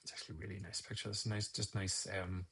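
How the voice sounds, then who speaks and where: A man's voice: on the low side, level tone, quick pace, creaky, bright, forceful tone, husky. A man casually talking viewers through a photo edit on a live stream, rambling and thinking aloud as he works.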